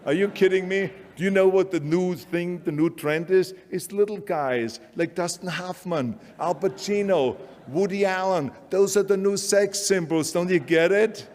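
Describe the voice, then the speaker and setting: A man with an Austrian accent voicing a dismissive, mocking male Hollywood agent who scolds him in rapid disbelief. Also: medium pitch, close to an everyday voice.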